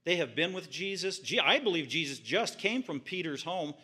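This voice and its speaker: Man, pastor, sermon, bright tone, reads scripture then explains it, growing emphatic, church. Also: on the high side, lively intonation, normal speed, husky. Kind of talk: expository sermon.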